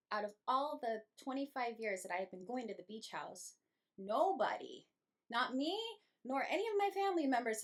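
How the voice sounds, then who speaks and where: A young adult woman, a medium, telling an emotional personal story to her viewers in a slow, heartfelt way. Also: on the high side, fairly bright tone. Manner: slow, emotional, breathy with feeling, laughs between phrases. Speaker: medium and channel host.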